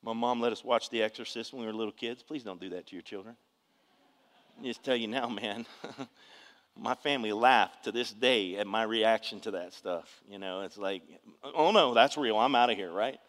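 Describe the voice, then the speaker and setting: A man, preaching a testimony in an animated storytelling way with bursts of shouting. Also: lowish voice, moderate pace, long reverb tail. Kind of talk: testimony sermon.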